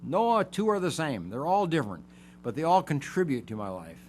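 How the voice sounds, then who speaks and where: Older guy giving a lesson, lively ups and downs, hammers his points over and over, bit of hiss behind. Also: fairly high pitch, moderate pace. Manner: emphatic, repeats key words, numbered points. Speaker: psychology show host. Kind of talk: lecture-style teaching.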